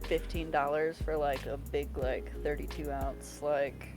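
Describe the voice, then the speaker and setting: A woman's voice: low voice, steady tone, unhurried, over loud music. A woman co-hosting a comedy podcast, telling playful stories full of "like" fillers. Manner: playful storyteller, frequent "like" fillers. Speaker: podcast co-host. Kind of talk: casual comedic chat.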